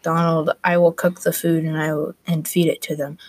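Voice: medium pitch, little pitch movement, moderate pace, no echo, lightly acted, rough recording. A student reading the lines of a worried medieval merchant father aloud, in a plain voice with small restarts. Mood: instructing. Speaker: student reader. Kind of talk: reading a class story aloud.

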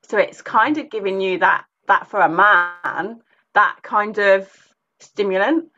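A woman's voice: medium pitch, pushed and bright, highs cut off. A woman from England, a coach, co-hosting a casual podcast, laughing and sometimes restarting her sentences. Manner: unhurried, laughing, with hesitant restarts.

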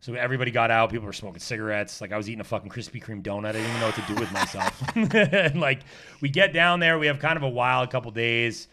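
A man's voice: medium pitch, fast, slight background noise. A man, a podcast guest telling rowdy stories in casual chat, swearing and laughing as he goes. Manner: animated, swearing, laughing storyteller.

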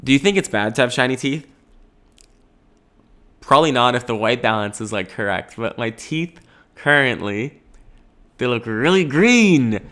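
A man's voice: mid-range voice, animated, moderate pace, long pauses, fairly bright tone. A man in his twenties hosting a podcast, rambling in goofy, profane chat and slipping into silly voices. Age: 20s. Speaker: podcast host.

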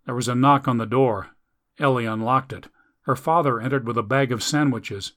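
A man narrating a novel in a measured storytelling manner. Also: mid-range voice, fairly even intonation, a bit bright. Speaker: audiobook narrator. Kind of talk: scripted narration.

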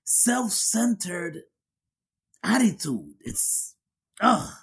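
A man with a husky, slightly raised voice gives emphatic casual commentary. His pitch swings in a lively way, and he hammers a point by repeating the same phrase. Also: extremely slow.

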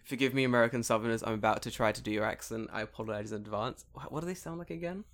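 A young man in his late twenties trading stories on a casual podcast. His voice sits at an ordinary middle pitch and he tells things with lots of energy, swearing freely and breaking into laughter. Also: racing. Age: 20s. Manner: animated, swearing, laughing storyteller. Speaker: podcast co-host. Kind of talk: casual chat.

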